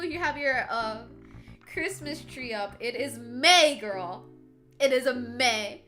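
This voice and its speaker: Giggly high-voiced woman streamer. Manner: giggly, teasing, reads chat aloud. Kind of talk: casual chat with viewers. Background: soft background music.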